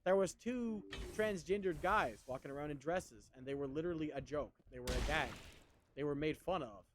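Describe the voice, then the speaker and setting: A man's voice: a little high, brisk, slight background noise. A man in his thirties chatting casually on a stream, rambling and conversational. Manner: rambling, conversational, with many fillers and restarts. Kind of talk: casual chat while streaming.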